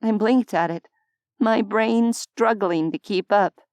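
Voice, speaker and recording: A woman narrating a scripted audiobook in an unhurried, even storytelling manner on a close studio mic. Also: medium pitch, dry recording.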